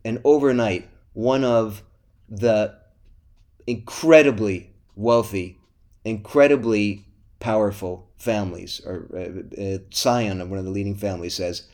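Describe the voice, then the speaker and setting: A man's voice: fairly low pitch, a little slow. Guy hosting a history podcast, chatty storyteller vibe, playful. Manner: animated storyteller, teasing and playful. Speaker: podcast host. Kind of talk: casual history podcast chat.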